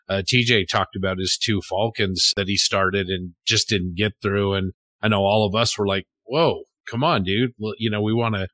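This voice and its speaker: A man hosting a podcast, talking in a measured, conversational way and reading out supporter names. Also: lowish voice, fairly bright tone, dry recording. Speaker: podcast host.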